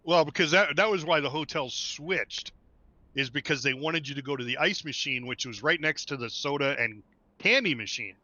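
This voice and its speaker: A man's voice: on the high side, moderate pace, bright, forceful tone, no room sound, muffled recording. A man hosting a game stream, chatting casually, laughing often and repeating himself. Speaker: stream host. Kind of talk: casual chat while gaming.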